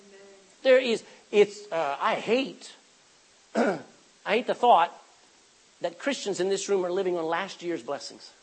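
A middle-aged man preaching a sermon as pastor, swinging from quiet asides to sudden loud cries. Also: high voice, measured pace, long pauses, poor audio.

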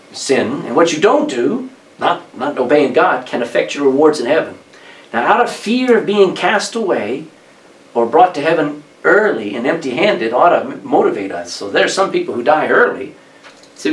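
Male preacher in an echoey hall. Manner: conversational, rises in pitch and volume on key points. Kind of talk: sermon with storytelling. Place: church hall with congregation. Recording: echoey room, distant mic, faint background.

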